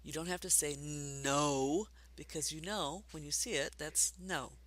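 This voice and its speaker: A woman teaching a basic reading lesson for adults, patient and encouraging, speaking slowly and clearly. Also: deep voice, fairly bright tone.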